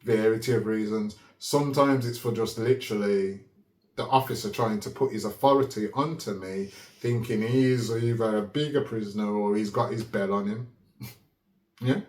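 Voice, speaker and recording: A man telling a story in a casual, animated way, laughing often and checking in with "yeah?". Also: on the low side, normal speed. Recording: roomy echo.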